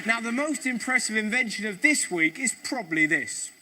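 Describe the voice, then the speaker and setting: A man hosting a comedy show, delivering a jokey news monologue with quick asides and sudden put-on voices. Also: high voice, expressive, over music.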